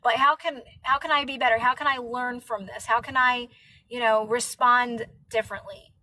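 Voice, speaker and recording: Brief: chatty woman live streamer, high pitch, bright rambling talk. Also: fairly even intonation, moderate pace, a little hiss or hum, low-quality recording. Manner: chatty, rambling with many fillers. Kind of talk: casual live stream chat.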